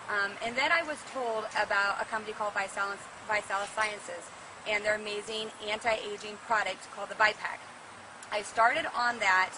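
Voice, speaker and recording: A woman from Nebraska giving an earnest testimonial about her recovery from pain. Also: medium pitch. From Nebraska, USA. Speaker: testimonial speaker. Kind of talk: personal testimonial. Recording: distant mic with loud noise.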